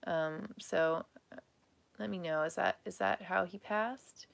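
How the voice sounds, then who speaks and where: A woman psychic medium giving a live reading, speaking in a halting, emotional way with many restarts, at times tearful. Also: on the low side, gravelly.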